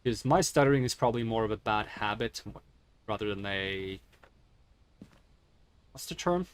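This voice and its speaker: A man's voice: fairly low pitch, lively intonation, normal speed, slight background noise. A man streaming a game on a headset, talking casually and stuttering as he corrects himself. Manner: stuttering, self-correcting, rambling. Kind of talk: casual gaming stream talk.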